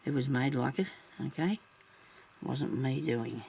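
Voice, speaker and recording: Gravelly-voiced woman crafting and musing aloud. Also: extremely low pitch, slow pace, darkish tone, slight background noise. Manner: chatty, muses to herself, laughs often. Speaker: crafting vlogger. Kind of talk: casual crafting chat, thinking aloud.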